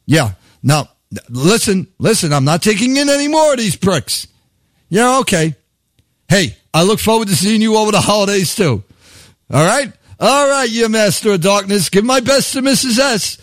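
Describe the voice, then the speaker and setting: A man's voice: sits high, expressive, normal speed, no echo, clean studio sound. A man voicing God as a chummy, profane deity with a Brooklyn accent, chatting on the phone. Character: God, brash fast-talking deity on the phone.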